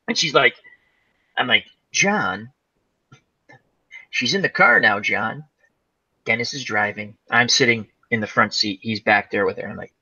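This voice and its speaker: Male chat host, husky and bright, animated storyteller who jumps between voices. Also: mid-range voice, muffled recording. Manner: animated, laughing storyteller, acts out quoted voices.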